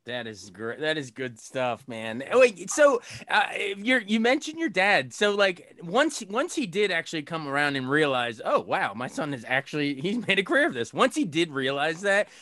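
A man hosting a casual chat, quick to ask follow-up questions. His voice sounds bright and sits a little high, with a lively, swinging lilt, recorded close and dry. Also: no echo.

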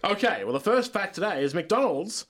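A young man co-hosting a casual radio show, upbeat and fond of puns, telling stories in a relaxed way. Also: sits high, moderate pace. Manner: upbeat, punny, relaxed storytelling. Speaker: radio co-host. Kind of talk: casual community radio chat.

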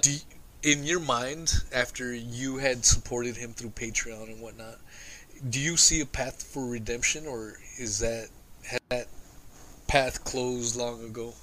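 A man's voice: medium pitch, fairly even intonation, unhurried, pushed and bright, slight background noise, low-quality recording. A man hosting a casual call-in talk show, blunt and exasperated, who swears often. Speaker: host.

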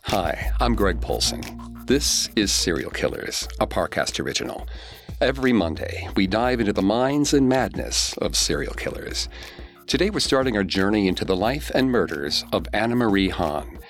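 Deep-voiced man narrating true crime. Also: big pitch swings, normal speed, soft background music. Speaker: podcast host.

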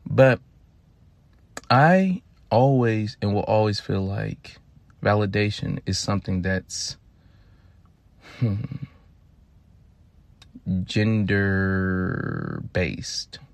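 Podcast host, man, 30s, from Louisiana; gravelly, profane, animated storyteller, dry close recording. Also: fairly low pitch, drawn-out words, long pauses, dry recording. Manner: profane, animated, addresses listeners directly. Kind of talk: casual storytelling monologue.

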